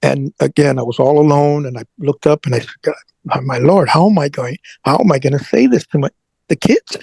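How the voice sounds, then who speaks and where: A middle-aged man with a gravelly, husky voice that sits a little high for a man. He tells an emotional personal story haltingly, stumbling over and repeating words. The sound is close and dry. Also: a little mellow, dry recording, poor audio. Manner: halting, repeats words, prays aloud in retelling. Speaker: interview guest.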